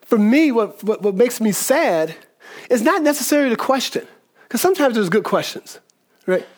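A man's voice: very high voice, sing-song, normal speed. A man preaching a sermon in a conversational way, often repeating words and checking in with "right?". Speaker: pastor.

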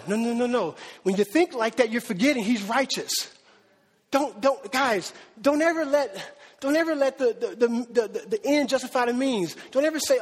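A man preaching a sermon with animated, emphatic delivery, repeating words for stress. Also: very high voice, moderate pace, slightly rough. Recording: long hall reverb.

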